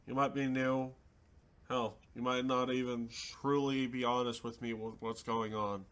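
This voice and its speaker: A man voicing a gruff but caring male mercenary leader who talks earnestly and reassuringly. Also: mid-range voice, little pitch movement, measured pace, a bit bright, natural voice.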